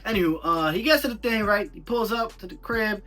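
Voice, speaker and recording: A young man giving a casual, rambling movie review full of slang, talking in an animated, incredulous way. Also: high-pitched, brisk, recorded from a distance, faint music behind.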